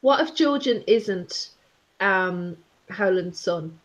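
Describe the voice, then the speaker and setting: A woman in casual book-discussion chat, talking haltingly with lots of fillers and restarts. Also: medium pitch, expressive, rough recording.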